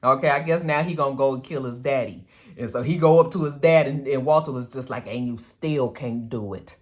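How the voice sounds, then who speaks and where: A woman's voice: very deep voice, quick pace. A woman in a casual recap vlog, chatty and blunt, swearing freely and acting out characters' lines. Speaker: TV recap vlogger.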